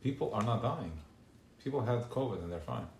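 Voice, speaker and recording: A man giving an informal religious talk at a gathering, animated and full of rhetorical questions. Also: medium pitch, fairly quick, gravelly. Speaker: speaker at a gathering. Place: gathering hall. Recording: echoey live room, faint noise.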